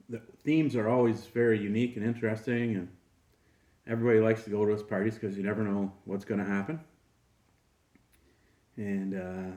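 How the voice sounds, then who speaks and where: A man hosting a casual show, telling a long joke in a relaxed way with many pauses and fillers. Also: on the low side. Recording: roomy echo.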